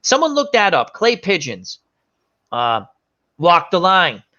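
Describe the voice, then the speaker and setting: A man's voice: sits high, wildly swooping pitch, slow pace, sharp tone. A man hosting a casual chat show, telling rambling movie stories and often groping for names. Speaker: show host. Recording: dull lo-fi sound.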